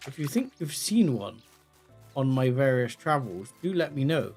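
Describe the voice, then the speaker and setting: A man giving let's play commentary, chatting calmly and then yelling in panic. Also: mid-range voice, moderate pace, soft background music. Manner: excitable, swings from calm chatter to yelling in panic. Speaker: gaming video creator.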